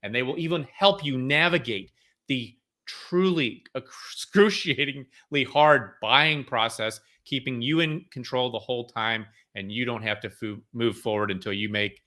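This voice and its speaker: A man hosting a car podcast, energetic and playful, moving between banter and sponsor reads. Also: medium pitch, a little slow. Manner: energetic and playful, leaning on hype. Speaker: podcast host.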